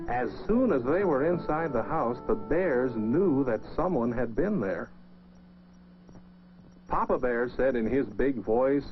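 A man narrating a children's story in a gentle, lilting voice, speaking to young listeners. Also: mid-range voice, big pitch swings, measured pace. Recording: dull lo-fi record with music.

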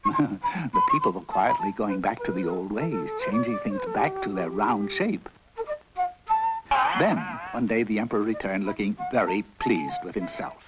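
A man reads a children's story aloud with a wildly animated, sing-song melody. His pitch sits in a plain middle range, but it leaps and dips from phrase to phrase. Loud music plays underneath the reading. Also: a little slow, lo-fi sound. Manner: lively, playful.

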